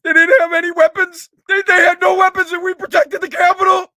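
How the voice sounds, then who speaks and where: Man doing a melodramatic politician parody, sarcastic, climbing to shouting, bright edge. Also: sits high, a little fast, gravelly, no echo. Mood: mocking, theatrical. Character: mock-solemn male politician, theatrical and self-pitying.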